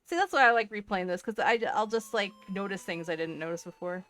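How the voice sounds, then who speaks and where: A woman's voice: mid-range voice, fairly quick, fairly bright tone. A young woman chatting casually to her stream while playing a game, laughing and swearing as she goes. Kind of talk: casual live-stream chat.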